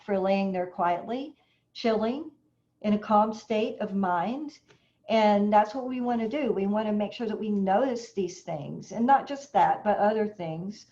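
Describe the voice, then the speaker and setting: A woman's voice: mid-range voice, dark tone. A woman dog trainer teaching an online puppy class in a chatty way, explaining with everyday examples. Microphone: video call. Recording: dull lo-fi video call audio.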